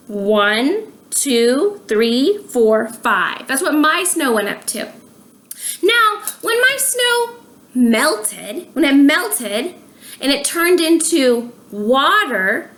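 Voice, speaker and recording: Slow high sing-song preschool teacher woman. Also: fairly bright tone. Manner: counts aloud slowly, asks questions, stretches words. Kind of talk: slow, sing-song lesson for young children.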